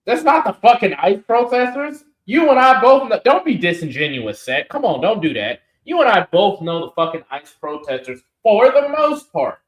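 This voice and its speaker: A man's voice: high voice, very animated, normal speed, few pauses, reverberant, poor audio. A man co-hosting a political reaction stream, arguing emphatically and swearing often. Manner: profane, emphatic, argumentative. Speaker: co-host. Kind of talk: heated political reaction chat.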